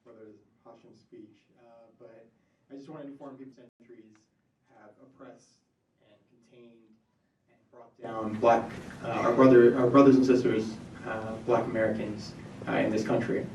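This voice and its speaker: A man's voice: mid-range voice, level tone, normal speed, darkish tone, slight background noise. A man addressing a gathering as an organizer, hesitant and full of fillers. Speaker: community organizer. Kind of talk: short speech to a gathering. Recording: echoey, distant, dull room recording.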